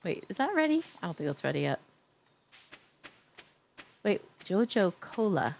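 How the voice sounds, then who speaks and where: A woman's voice: medium pitch, big pitch swings, a little slow, creaky, a little mellow, a little hiss or hum. A woman from New York chatting casually and teasingly with her viewers while live-streaming a game, laughing often.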